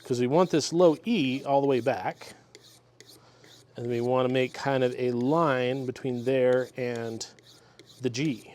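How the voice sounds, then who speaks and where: A man talking through a guitar repair step by step in his workshop, relaxed and methodical as he works with his hands. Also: mid-range voice, takes it slowly. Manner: relaxed, methodical, talks while working with hands. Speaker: luthier demonstrating a repair.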